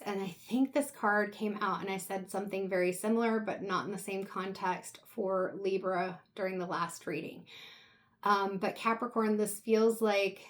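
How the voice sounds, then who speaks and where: Woman tarot reader, mid pitch, soft and halting, emotional. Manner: soft, reflective, halting with pauses. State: emotional, close to tears. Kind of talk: intuitive tarot reading.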